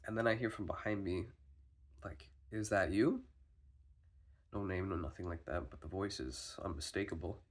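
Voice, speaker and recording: A man's voice: low voice, brisk. A sick man rambling anxiously in a personal video diary, stumbling and restarting often, swearing. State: sick, foggy. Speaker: vlogger.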